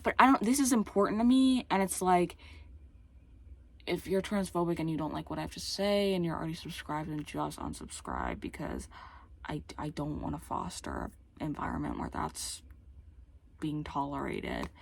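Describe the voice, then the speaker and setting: A woman's voice: low voice, animated, normal speed, creaky. A woman vlogging in a heated, exasperated rant, rambling and restarting, her speech a little slurred by a retainer and prone to voice cracks. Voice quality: occasional voice cracks. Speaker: YouTuber. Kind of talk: casual ranting vlog.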